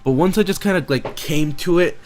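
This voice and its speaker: A man's voice: on the high side, a little fast, a little mellow, slight background noise. A teenage boy delivering a frustrated, rambling venting monologue, swearing constantly as he talks himself in circles. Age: teens. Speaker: streamer.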